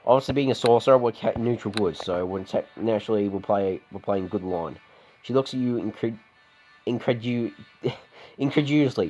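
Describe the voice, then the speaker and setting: A man's voice: fairly low pitch, brisk, darkish tone, lo-fi sound. An Australian man hosting a game playthrough, reading dialogue aloud with frequent restarts and chuckles. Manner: stumbling restarts, chuckling, voices characters loosely. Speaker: let's play host. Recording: game music playing underneath. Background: game music.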